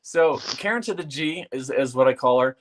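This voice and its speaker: A man's voice: medium pitch, lively intonation, moderate pace. A man as a guest, telling a personal story in an earnest, emotional way, often repeating words.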